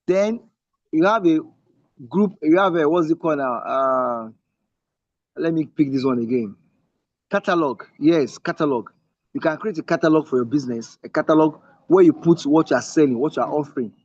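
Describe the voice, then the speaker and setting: A man's voice: fairly high pitch, no room sound, dull audio. A man teaching an online class over screen share, emphatic and often checking that listeners are following. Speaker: instructor.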